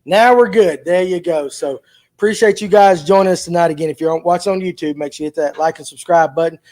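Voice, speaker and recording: A man hosting a laid-back fishing talk show, with a voice that sits high for a man. He jokes through his introductions and fumbles with the setup. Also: fast, a little mellow. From Georgia, USA. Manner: loose, joking, fumbling through technical hiccups. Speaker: podcast host. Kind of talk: casual chat.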